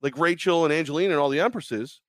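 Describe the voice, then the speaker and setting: A man in his forties co-hosting a sports talk show, telling stories casually and mimicking others in high squeaky voices. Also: fast, no echo, studio quality. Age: 40s. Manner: animated storytelling, acts out high-pitched quoted voices. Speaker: radio show co-host.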